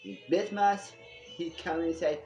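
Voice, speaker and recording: A man rambling excitedly in a home video monologue, repeating himself and jumping between topics. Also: fairly high pitch, measured pace, faint music behind. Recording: echoey room.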